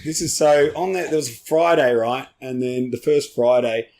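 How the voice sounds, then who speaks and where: This is a middle-aged Australian man in casual podcast chat, telling lively stories about life on set. He swears freely, his pitch sits in an everyday middle range, and he slips into the voices of the people he describes. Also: moderate pace. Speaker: podcast guest, army veteran.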